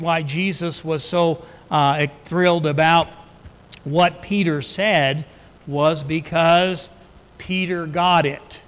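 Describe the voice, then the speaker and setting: A pastor with a high, light voice delivers an unhurried sermon from the pulpit. He talks in a conversational way, restarting his sentences, and then lifts his voice with weight when he quotes scripture. His words ring out with the long reverb of a large hall. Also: a bit bright. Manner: conversational preaching with restarts, rising emphatically on scripture. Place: church sanctuary.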